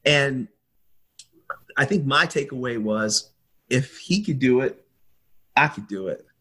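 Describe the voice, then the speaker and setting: A husky-voiced middle-aged man spins a lively story. He jumps into other people's voices and laughs along as he goes. His pitch sits in the middle. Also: slow. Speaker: guest telling a story. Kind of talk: animated storytelling.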